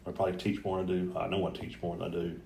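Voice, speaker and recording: A man's voice: sits low, completely flat delivery, rapid-fire, vocal fry, dark tone, a little hiss or hum. A middle-aged man from North Carolina, a mayoral candidate guest, talking earnestly in a rambling, casual way with frequent restarts. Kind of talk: casual conversational interview. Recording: roomy echoey room.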